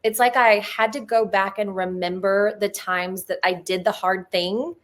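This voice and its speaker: A woman's voice: mid-range voice, fairly even intonation. Earnest woman telling stories, full of feeling. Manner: earnest, emotional, fast-flowing storytelling with many "like"s. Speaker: guest. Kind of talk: casual interview conversation.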